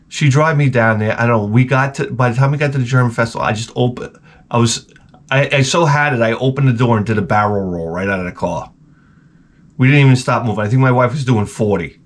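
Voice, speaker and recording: A man telling a comedic rant in a lively, swearing storytelling manner, in a garage workshop. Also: mid-range voice, a little fast. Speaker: video host.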